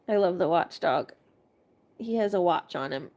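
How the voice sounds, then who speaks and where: A woman's voice: on the low side, expressive, normal speed, a little mellow. A woman reading a bedtime story aloud, breaking off for chatty, giggly asides.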